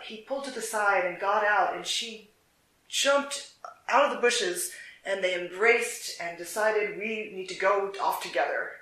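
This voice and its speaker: Bright-voiced storyteller in an echoey room. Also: mid-range voice. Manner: relaxed, unscripted, with fillers and restarts. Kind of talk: casual storytelling.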